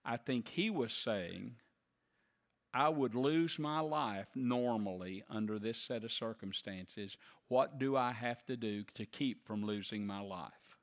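A male pastor delivering a sermon, emphatic and slowing down to stress key words. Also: mid-range voice. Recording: long reverb of a large hall.

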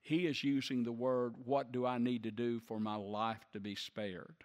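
Preaching man in a reverberant hall. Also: mid-range voice. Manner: emphatic, slows down for stress. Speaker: pastor. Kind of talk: sermon. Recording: long reverb of a large hall.

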